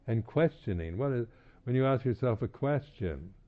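A man giving a reflective dharma talk as a meditation teacher on retreat, halting, with many restarts and repeated words, and soft chuckles between points. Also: medium pitch, lively intonation. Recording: tinny, phone-like lo-fi recording.

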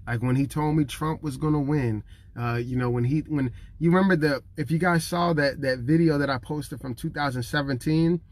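A man's voice: a little high, moderate pace, a little mellow, no room sound. A man in his thirties preaching to camera in an earnest, conversational way, emotional and near tears. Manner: earnest and conversational, acting out what others say; emotional, fighting back tears.

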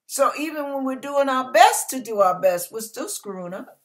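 A woman's voice: high voice, expressive, normal speed. An older woman pastor giving an online church sermon, earnest and conversational, building to emphatic repetition.

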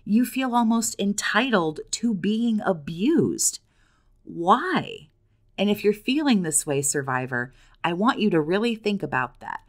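A woman's voice: mid-range voice, lively intonation, moderate pace. A woman speaking as a coach to abuse survivors in a direct monologue, blunt and profane, firing challenging questions at the viewer.

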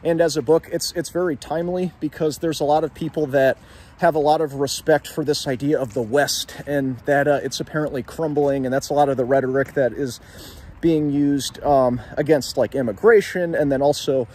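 A man's voice: a little high, fairly even intonation, moderate pace, darkish tone. Man talking books while walking outside. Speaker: literature video host. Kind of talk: casual literary discussion vlog. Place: outdoors on a street.

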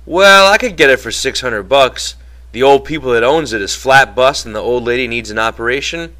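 A wary ranch worker describes a dream farm in rough, plain rural speech, as a man reading an audiobook voices him. His voice is bright and guarded. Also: mid-range voice, moderate pace, pitched above the performer's own voice, natural voice.

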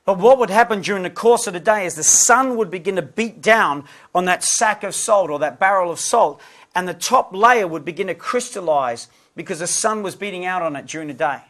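A man teaches like a preacher, his voice sitting noticeably high. He builds his points with passionate emphasis, pressing each line toward the congregation in a sermon-style lesson. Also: a little fast, fairly bright tone.

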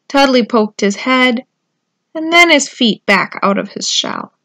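A woman gently and expressively reading a children's storybook aloud. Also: high voice, expressive, measured pace, no room sound, poor audio. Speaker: storybook reader.

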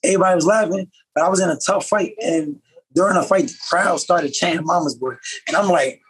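A man from upstate New York, a professional boxer, telling stories as a podcast guest in a casual, slangy, animated way. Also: high-pitched, crowd noise, poor audio. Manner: fast, slangy, animated storytelling. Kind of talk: casual storytelling.

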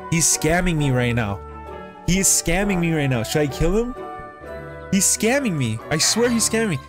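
A young man streaming a video game, commenting in an excitable, exasperated and joking way. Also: on the high side, moderate pace. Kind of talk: gaming commentary. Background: game music.

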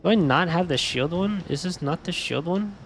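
A man's voice: fairly high pitch, lively intonation, moderate pace, slight background noise. A young man streaming a game from home, chatting casually while upset and stressed, swearing often and saying "dude", with stretches that drop to a mumble. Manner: swears a lot, says "dude", often trails off quiet.

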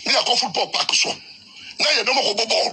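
A Ghanaian man, a lecturer, telling a story in an excitable way and mixing Twi with English. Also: very high-pitched, quick pace, husky. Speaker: lecturer and lawyer. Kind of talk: animated storytelling speech.

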